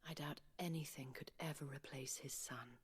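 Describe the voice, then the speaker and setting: An actress voicing an elegant, languid noblewoman who teases gently and speaks with grace in a video game. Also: low-pitched, fairly even intonation, slightly rough. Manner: slow, teasing and gracious. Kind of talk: game voice acting.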